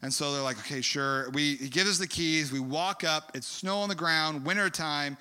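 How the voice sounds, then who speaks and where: Animated preacher in a big echoing hall. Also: male voice, a little high, normal speed, clear, resonant tone. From California. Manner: animated, rambling storyteller with many fillers. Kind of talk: storytelling sermon. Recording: long hall reverb.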